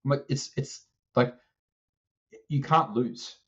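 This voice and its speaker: A man co-hosting a casual podcast, telling an animated story and acting out both sides of the conversation, swearing now and then. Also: medium pitch, slow, muffled recording. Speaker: strength coach co-host.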